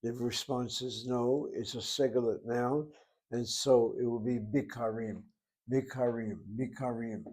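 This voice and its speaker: A man's voice: medium pitch, steady tone, unhurried, darkish tone. A man giving a classroom lecture on Hebrew grammar, methodically spelling out vowels and letters at the board. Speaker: Hebrew teacher.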